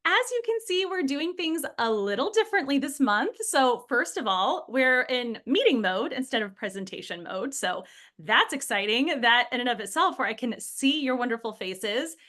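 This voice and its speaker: Bubbly high-voiced woman hosting a webinar. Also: very animated, moderate pace, bright, forceful tone. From Michigan, USA. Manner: bubbly, enthusiastic, greets people by name. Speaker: webinar host. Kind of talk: upbeat live webinar hosting. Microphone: video call.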